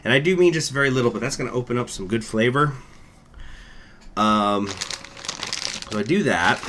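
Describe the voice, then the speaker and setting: A man's voice: mid-range voice, moderate pace, a bit bright. Man, channel host, casual chat, rambling, offhand, profane, light background hiss. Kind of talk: casual chat to live viewers.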